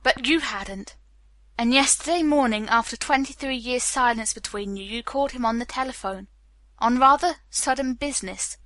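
Woman reading a pushy angry police captain, grilling a suspect, bright dry voice. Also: a little high, moderate pace, no room sound, lightly acted. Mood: stern. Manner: hard, demanding questions.

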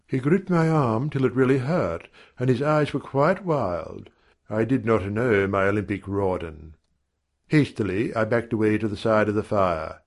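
A narrator with a fairly low-pitched voice reads a first-person story aloud, measured and wry in his storytelling.

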